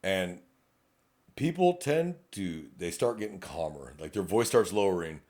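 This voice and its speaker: His voice sits low and warm with a sing-song lilt at normal speed. He's a middle-aged police officer with a Texan accent, co-hosting a casual podcast, where he talks bluntly, curses plenty, and re-enacts traffic-stop conversations with drivers.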